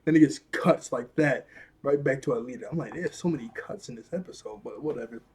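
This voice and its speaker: A young man with a husky, slightly breathy voice talks through a cartoon episode in a loose, rambling way. He laughs often and slips into quick impressions of the characters as he retells each scene. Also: medium pitch, a little mellow. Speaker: video reviewer. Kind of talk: casual episode recap.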